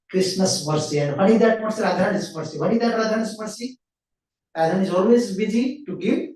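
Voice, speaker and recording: A man's voice: sits high, darkish tone. A man giving an earnest devotional lecture, who repeats key phrases and asks and answers his own questions. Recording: roomy hall sound from a distant mic.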